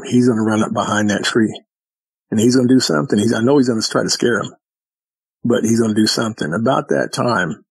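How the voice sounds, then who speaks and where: A man's voice: fairly low pitch, slightly rough, dry recording, poor audio. A man who is a podcast guest, telling a story in casual chat and acting out the exchanges with vivid detail.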